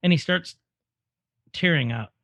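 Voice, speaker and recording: A man in his thirties co-hosting a casual podcast, animated, laughing easily and admitting he tears up at films. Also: on the high side, a little slow, no echo. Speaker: podcast co-host. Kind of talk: casual chat.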